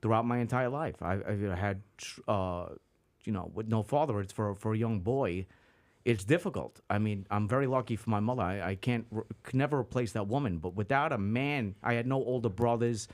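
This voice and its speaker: A man hosting a podcast, chatting casually with his guest, halting often with fillers and swearing freely. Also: lowish voice, darkish tone. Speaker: podcast host. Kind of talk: casual interview chat.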